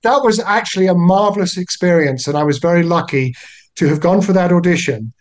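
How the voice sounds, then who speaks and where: Genial older British man, higher pitch. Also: fairly quick. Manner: genial, wry, self-deprecating, with lively pitch jumps. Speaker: guest actor. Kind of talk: relaxed podcast chat.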